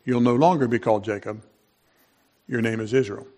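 Man preaching a casual, unhurried sermon. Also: medium pitch, darkish tone. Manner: unhurried, conversational preaching with many fillers and restarts. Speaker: pastor.

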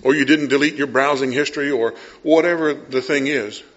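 A middle-aged male pastor preaching a sermon, acting out scenes and voices, dropping to a hush and then rising loud. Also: mid-range voice, fairly quick, dull audio.

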